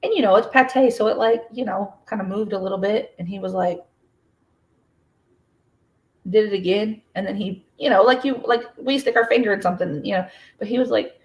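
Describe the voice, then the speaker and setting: A woman's voice: medium pitch, brisk. An American woman chatting casually on her own livestream. She rambles through a story with many fillers and breaks off to welcome viewers by name. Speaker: crochet livestream host.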